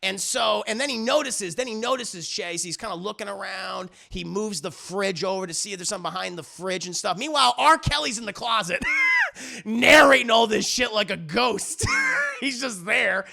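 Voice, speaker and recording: Gravelly rambling male reviewer. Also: high-pitched, animated, normal speed, pushed and bright. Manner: rambling, profane, acts out the lines. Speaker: music reviewer. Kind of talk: casual recap.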